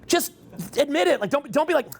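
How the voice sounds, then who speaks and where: A man in his forties giving a crude, joking talk on stage to a live audience, rambling fast and breaking into mock voices and shouts. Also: very high voice, animated, gravelly. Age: 40s. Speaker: dating coach speaking to a live audience. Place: event hall with an audience.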